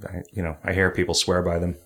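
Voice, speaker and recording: A man with a very low voice talks casually as a podcast co-host. His humor is dry and deadpan, and he speaks into a studio mic. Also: fast. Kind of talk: casual chat.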